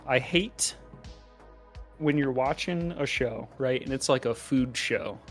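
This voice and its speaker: A man's voice: medium pitch, slow, fairly bright tone, faint music behind. Joking, rambling man hosting a podcast. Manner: joking, rambling, laughs often. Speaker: podcast co-host. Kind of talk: casual podcast chat.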